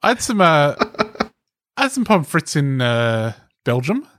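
A man with a fairly high voice, telling wry little stories on a podcast. He acts out the other people in his anecdotes. The sound is close and dry. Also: sing-song, slow, fairly bright tone, no echo. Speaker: podcast co-host. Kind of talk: casual chat.

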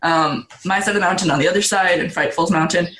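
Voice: medium pitch, steady tone, quick pace, fairly bright tone. Meandering podcast co-host in a roomy echo. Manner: meandering, hesitant with fillers, good-humored. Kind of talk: casual chat.

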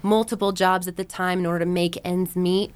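A woman's voice: lowish voice, little pitch movement, fairly quick, clean tone. A woman in her thirties from the United States, a podcast guest telling her personal story with candid, reflective earnestness and frequent ums and likes.

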